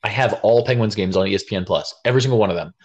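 A man's voice: on the low side, very fast. A man co-hosting a podcast, chatting casually and jokingly, with many restarts. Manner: animated, joking, lots of restarts. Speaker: podcast co-host. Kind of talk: casual chat.

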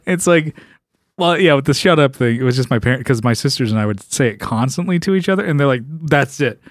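A man's voice: mid-range voice, animated, fast, no echo, studio quality. A man co-hosting a podcast, laughing often and trading crude banter in casual chat.

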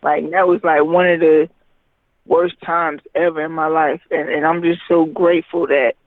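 A man with a notably high voice tells his story in a loose, rambling way, leaning on fillers. He comes through a tinny phone line with a dry sound and no room around it. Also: flat delivery, normal speed, dry recording. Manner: rambling, heavy with fillers like "you know what I mean". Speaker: guest, recording artist. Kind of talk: personal testimony in conversation.

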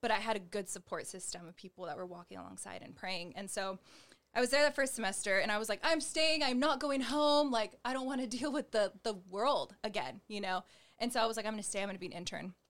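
Speaking quickly in an ordinary middle pitch with a slightly bright tone, a young woman recounts her personal faith story as a guest in conversation. Her chatter is packed with "like," and she mimics the people she quotes while gesturing as she talks.

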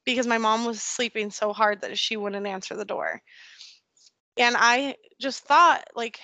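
Bright-voiced emotional woman guest. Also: a little high, no room sound. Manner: earnest, openly emotional. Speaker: podcast guest. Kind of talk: candid personal conversation.

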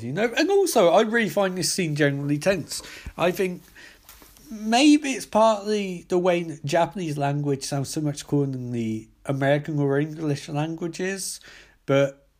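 A young man recapping a horror film, full of sarcastic, profane asides. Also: a little high. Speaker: film reviewer.

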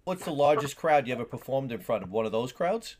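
A man's voice: mid-range voice, lively intonation, quick pace. A man interviewing a guest, asking curious, prodding questions.

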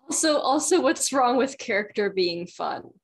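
A woman's voice: a little high, big pitch swings, moderate pace, creaky. A woman co-hosting a podcast, dropping brief wry comments in casual chat. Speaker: podcast co-host.

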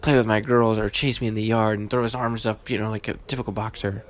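A man hosting his own podcast, casual and halting, with many fillers and restarts, emotional and holding back tears. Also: lowish voice, level tone. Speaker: podcast host.

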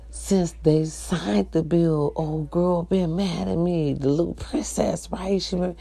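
Middle-aged woman, aave accent, gravelly voice, cussing up a storm while she tells her listeners a story. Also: on the low side. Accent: African American Vernacular English. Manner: profane, animated and blunt, addressing listeners directly. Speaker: online talk show host. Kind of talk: casual storytelling monologue.

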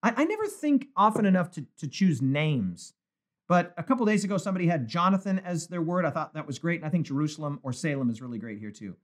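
A man's voice: on the high side, big pitch swings, fast. A male pastor leading a live-streamed Bible study, reading viewers' comments aloud with enthusiasm.

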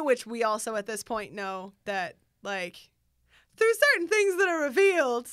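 Woman, high bright voice, animated casual chat, acts out bits of scenes, dry sound. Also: clear, resonant tone, no room sound. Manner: animated, acts out movie lines in quick bits.

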